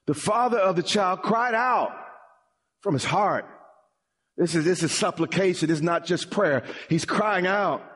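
Speaking a little slowly, a pastor delivers a dramatic sermon in which his voice falls quiet and low, then rises high and pleading.

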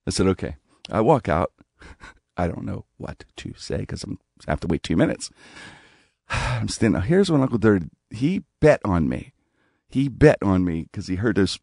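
Man, low gravelly voice, dry close sound, rambling casual storytelling. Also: moderate pace, dry recording. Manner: rambling, animated anecdote with restarts. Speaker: comedian telling a story.

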